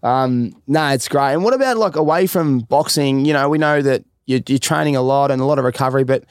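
Aussie guy hosting an interview, fast chatty questions, dry sound. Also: medium pitch, smooth, no echo. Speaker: interviewer, host. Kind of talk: casual interview chat.

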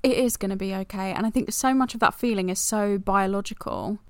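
A woman's voice: mid-range voice, brisk, no echo. Encouraging woman podcast co-host. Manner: encouraging, reflective, casual swearing. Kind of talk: casual chat.

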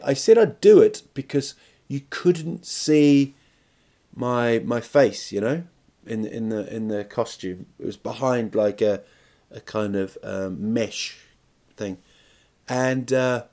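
A man's voice: mid-range voice, darkish tone. A man hosting a podcast, telling a comic story in a rambling, self-mocking way. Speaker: podcast host.

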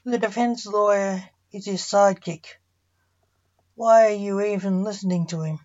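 A woman's voice: mid-range voice, measured pace, darkish tone, close to an everyday voice. A woman voicing a pushy male prosecuting barrister who presses the defendant with needling questions, in a storybook reading. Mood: probing. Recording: dull lo-fi recording.

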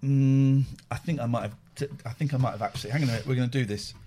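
A man's voice: medium pitch, rapid-fire, mellow. A man co-hosting a podcast, chatting casually and joking while fiddling with a voice app. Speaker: podcast co-host. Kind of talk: casual chat.

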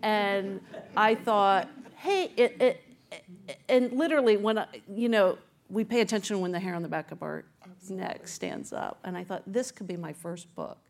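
A woman author and journalist recounting how she found a story, chatty and animated, with many fillers. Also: mid-range voice, normal speed, creaky. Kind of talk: conversational storytelling interview.

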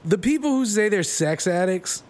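A man's voice: sits high, expressive, moderate pace, darkish tone. A man co-hosting a casual podcast, telling profane bar stories and mimicking the people in them. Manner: profane storytelling, does voices of people in anecdotes. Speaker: podcast co-host. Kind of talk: casual chat.

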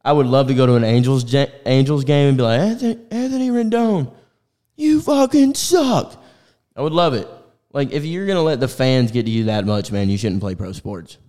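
A man's voice: medium pitch, quick pace, warm tone. A young man co-hosting a sports podcast, talking bluntly and swearing freely in casual chat. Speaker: podcast co-host.

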